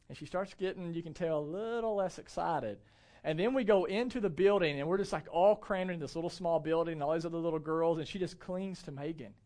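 A man in his thirties preaching a conversational, animated sermon to a church gathering. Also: fairly high pitch. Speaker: pastor.

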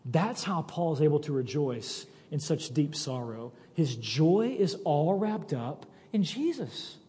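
High-voiced pastor preaching in a reverberant church. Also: male voice, slow pace, slightly rough. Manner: animated storytelling, acts out quoted voices. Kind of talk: sermon. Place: church sanctuary. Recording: church sanctuary with long reverb.

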